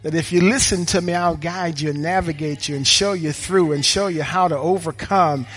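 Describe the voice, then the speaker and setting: A man's voice: on the high side, moderate pace, fairly bright tone, breathy edge, soft background music. A man preaching a sermon with an emphatic, repetitive cadence, throwing rhetorical questions to the congregation in a church.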